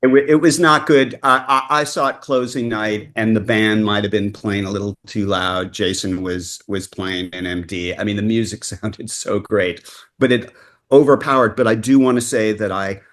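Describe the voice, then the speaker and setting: A man's voice: fairly low pitch, fairly even intonation, moderate pace, a bit bright. A man co-hosting a casual chat about musicals, frank and self-deprecating, often restarting his words. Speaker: podcast co-host.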